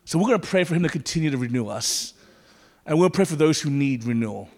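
High-voiced pastor in a reverberant hall. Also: male voice, animated, fast, darkish tone. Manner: conversational, playful asides, then earnest prayer. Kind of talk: sermon. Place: church sanctuary.

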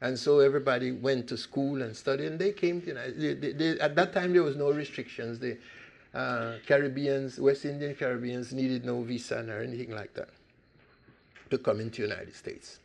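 Older Costa Rican-born man, gravelly voice, animated emphatic storyteller who restarts phrases. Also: mid-range voice, a little fast. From Limón province, Costa Rica. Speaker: speaker telling his life story. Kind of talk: personal storytelling talk.

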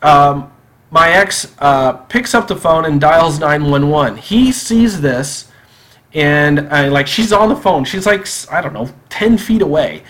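A man telling a personal story on a podcast in a casual, animated way, acting out the dialogue. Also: fairly high pitch, measured pace. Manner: animated, acts out quoted dialogue.

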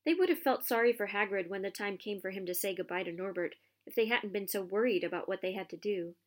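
Lady reading a kids' book out loud, expressive, middling pitch. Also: quick pace. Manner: expressive storytelling. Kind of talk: reading a children's novel aloud.

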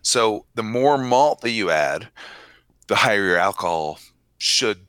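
A man on a podcast explaining brewing in an easygoing, unhurried way, laughing now and then. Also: on the low side, lively intonation, sharp tone, clean tone, no room sound. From Minnesota. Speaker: brewing expert guest. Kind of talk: casual podcast chat.

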